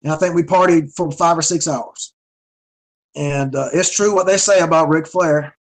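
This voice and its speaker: A man in his forties from North Carolina speaks with a fairly high-pitched voice. He tells his story in relaxed, casual chat as an interview guest, stammering and doubling back on words as he gets going. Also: moderate pace, low-quality recording. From North Carolina, USA. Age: 40s. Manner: stammering, repeats words when excited. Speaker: guest, professional wrestler.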